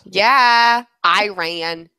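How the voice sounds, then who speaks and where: A young woman co-hosting a casual podcast chat, sarcastic and animated, laughing often. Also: medium pitch, drawn-out words, a little hiss or hum. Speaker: podcast co-host.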